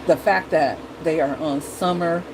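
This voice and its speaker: A woman's voice: low-pitched, measured pace, noisy background. A middle-aged woman talking casually to her viewers as a mom vlogger, chatty and blunt, acting out her kids and herself.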